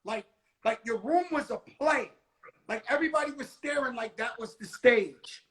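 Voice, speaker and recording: A man hosting a casual livestream chat, telling a story in an animated way and swearing freely, heard over a video call. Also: very high voice, normal speed, low-quality recording.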